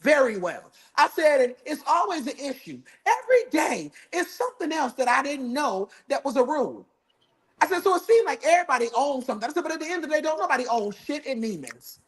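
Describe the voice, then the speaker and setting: A man with a notably high voice tells a comic story. He is sassy and profane and talks in an animated way. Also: a little fast. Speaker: guest telling a story. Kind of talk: comedic storytelling.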